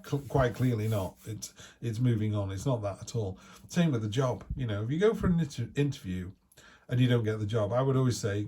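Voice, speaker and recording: A man's voice: fairly low pitch, a little fast, dark tone, slight background noise. A man giving a weekly tarot reading in a chatty, rambling way full of asides and restarts. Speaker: tarot reader.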